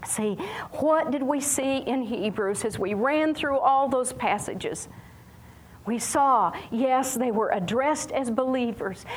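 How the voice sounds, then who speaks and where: A woman's voice: sits high, rough recording. A woman from the United States preaching a sermon as a Bible teacher, impassioned and emphatic, repeating phrases for force.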